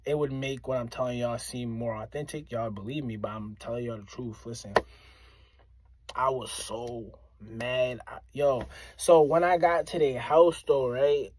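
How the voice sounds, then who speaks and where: A man's voice: mid-range voice, unhurried, no room sound. A man from Springfield, Massachusetts, a rapper, telling a story casually and talking straight to his listeners, often repeating himself for emphasis. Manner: animated, addresses listeners directly, repeats phrases for emphasis.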